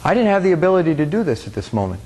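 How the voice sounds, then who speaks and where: A young man from the United States giving a public talk as a guest speaker. He tells a story in an earnest, conversational way, speaks straight to the audience and often fills pauses with "uh". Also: fairly high pitch, big pitch swings, a little mellow. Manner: earnest, conversational, talks to the audience directly, with frequent fillers.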